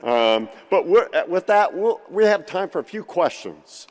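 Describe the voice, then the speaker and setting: A man's voice: sits high, big pitch swings, moderate pace. A man moderating a conference Q&A, speaking in an enthusiastic, complimentary way. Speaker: session moderator. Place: conference hall. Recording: long hall reverb.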